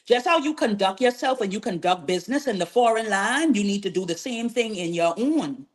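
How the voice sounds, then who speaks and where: A woman with a Bahamian accent, a nail technician guest on a radio talk show, talking in an animated, preachy way and repeating her phrases. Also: mid-range voice, a little fast.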